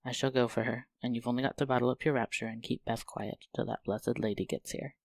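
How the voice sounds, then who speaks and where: A man's voice: mid-range voice, fairly even intonation, fast, vocal fry, no room sound. A man reading as a kind, teasing young man. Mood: eager. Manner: eager, teasing.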